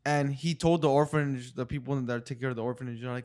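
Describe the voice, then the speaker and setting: A man talking as a podcast guest, telling stories fast and swearing often in casual chat. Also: medium pitch, steady tone, darkish tone. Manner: fast, profane storytelling. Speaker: podcast guest, studio owner.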